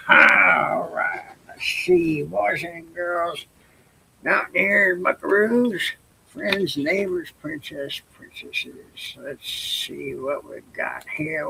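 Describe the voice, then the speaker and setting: A man's voice: a little high, slow, vocal fry, sharp tone, slight background noise. An older man reading a children's story aloud as a grandfather, with folksy, chatty asides.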